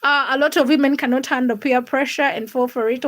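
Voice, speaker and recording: A woman with a high voice hosts a casual livestream from her home. She chats in a gossipy way and addresses her viewers directly, as if they were right there with her. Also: steady tone, fairly quick, few pauses. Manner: chatty, gossipy, talks straight to viewers. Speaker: livestream host. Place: home, cooking during livestream.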